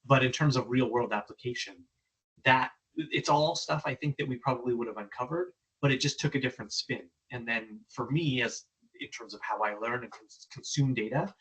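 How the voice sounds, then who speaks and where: Husky-voiced man explaining casually. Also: medium pitch, moderate pace, fairly bright tone, rough recording. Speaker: presenter. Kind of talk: casual presentation wrap-up.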